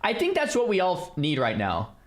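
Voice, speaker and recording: A man's voice: high-pitched, huge pitch swings, brisk. A man hosting a stream, chatting to viewers in casual reaction commentary, often repeating himself. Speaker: streamer host.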